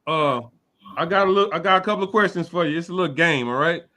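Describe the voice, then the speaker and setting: A man's voice: fairly high pitch, fast, bright, forceful tone. A man hosting a casual sports interview, laid-back and full of slang as he gives advice. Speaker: host.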